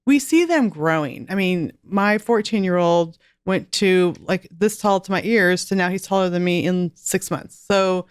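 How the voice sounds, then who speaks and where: A woman's voice: fairly low pitch, measured pace, few pauses, clean tone, dry recording, studio quality. A woman in her forties, a guest author and homeschool mom, chatting earnestly in a podcast interview with light laughs.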